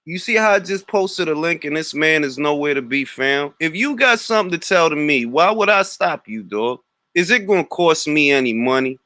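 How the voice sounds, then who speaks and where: On the high side and a bit bright, a man's voice comes through a dry recording as he hosts a livestream. He's from Harlem, has a New York accent, and taunts a chat commenter with brash street-slang trash talk.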